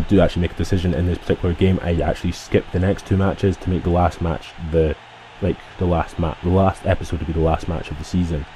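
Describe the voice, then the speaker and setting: A man's voice: sits low, dark tone, slight background noise, poor audio. A man giving rambling, casual commentary over his own football game recording, often correcting himself as he goes. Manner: rambling, self-correcting, fast-talking. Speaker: gaming YouTuber.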